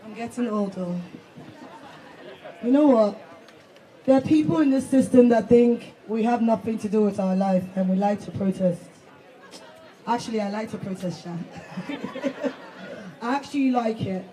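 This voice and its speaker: A man's voice: high-pitched, normal speed, long pauses, dark tone, rough recording. A man giving an emotional, laughing rally speech as a protest organizer at an outdoor street protest. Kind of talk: rally speech through a crowd. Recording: outdoor protest with crowd behind.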